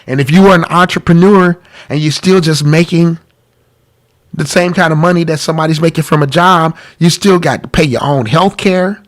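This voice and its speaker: A man's voice: on the high side, moderate pace. A man hosting a live-streamed talk about money, congested from a cold, earnest and pleading, repeating himself. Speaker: podcast host.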